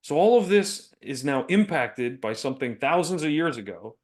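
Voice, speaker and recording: A man's voice: fairly high pitch, sing-song, moderate pace. Chatty man co-hosting a business podcast. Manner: chatty, laughs often, storytelling. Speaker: podcast co-host. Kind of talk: casual business talk.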